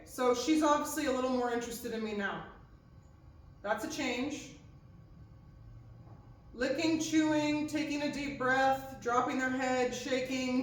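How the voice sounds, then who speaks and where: A woman horse trainer giving hands-on instruction, explaining each step and checking in with "okay?" as she goes. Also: high voice. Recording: echoey, distant mic with faint background noise.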